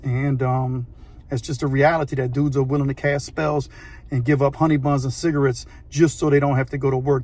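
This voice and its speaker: Husky man telling a story. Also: fairly high pitch. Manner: animated, slangy, repeats phrases for effect. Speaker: channel host. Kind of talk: casual storytelling.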